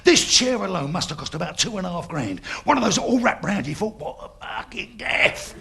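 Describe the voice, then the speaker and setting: Rowdy comic, high and gravelly. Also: male voice, sing-song, quick pace, fairly bright tone. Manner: crude, rowdy and laughing. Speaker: stand-up comedian. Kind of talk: bawdy stand-up storytelling.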